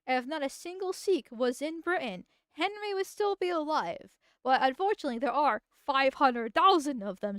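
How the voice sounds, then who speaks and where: A woman streamer giving casual commentary on posts, thinking out loud and restarting her sentences often. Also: high voice, no room sound, clean studio sound. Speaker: political streamer.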